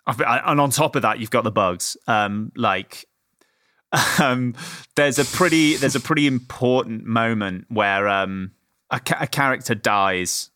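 A man's voice: mid-range voice, unhurried, sharp tone, no room sound, clean studio sound. A man chatting casually about a game, rambling with many fillers and restarts. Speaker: game reviewer. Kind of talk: casual chat.

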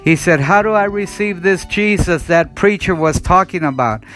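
Earnest, high-voiced preacher telling a testimony. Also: male voice, normal speed, a bit bright. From United States. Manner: earnest storytelling, many "and, uh" restarts. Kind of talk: sermon with personal testimony. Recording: faint guitar music behind.

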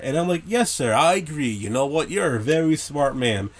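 A young man casually telling a story and acting out quoted voices, animated and swearing. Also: mid-range voice, moderate pace, hardly any pauses. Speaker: host answering questions.

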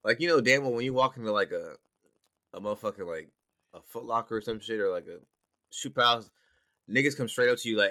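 Bright-voiced, profane, animated man. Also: fairly low pitch, brisk, dry recording, clean studio sound. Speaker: podcast co-host. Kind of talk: casual chat.

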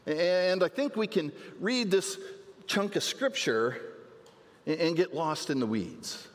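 A man's voice: fairly high pitch, very animated, slow. A man preaching a sermon as pastor, earnest, often repeating words as he restarts a phrase. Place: church sanctuary. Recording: long church hall reverb.

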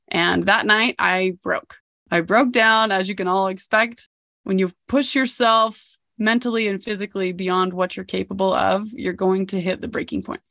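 A woman's voice: mid-range voice, a bit bright, dry recording, clean studio sound. Candid woman telling a personal story. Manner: candid and reflective, with occasional laughs. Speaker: podcast host.

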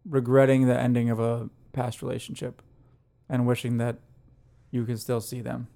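A relaxed man talks through an album track by track on a casual podcast. He laughs easily and keeps an easygoing tone. His voice sits at a normal middle pitch. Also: normal speed, vocal fry. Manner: easygoing, explains songs, laughs often. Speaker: podcast co-host. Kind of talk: casual music review chat.

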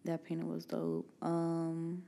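A woman's voice: deep voice, completely flat delivery, slow pace, gravelly, mellow. A young woman, co-hosting a podcast in casual, slangy banter with lots of laughter. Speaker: podcast co-host.

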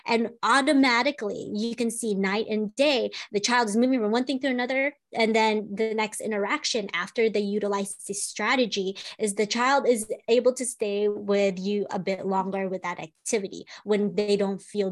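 A woman, a speech-language pathologist and mother, explains child language tips in a casual podcast chat, pausing often with "um". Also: mid-range voice, steady tone. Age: adult, a parent. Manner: explanatory, with frequent "um" pauses.

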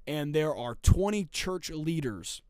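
A man's voice: a little high, very animated, slow pace, darkish tone, clean tone, no echo. A man co-hosting a casual faith podcast, telling a story emphatically with repetition and swings in intensity.

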